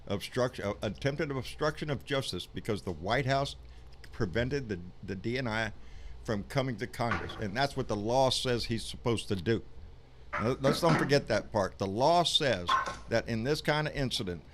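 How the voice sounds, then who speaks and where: A man's voice: medium pitch, expressive, normal speed, background noise. Fired-up man hosting a talk show. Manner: blunt, profane, fired-up, calls people "baby". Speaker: live show host. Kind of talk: political talk show chat.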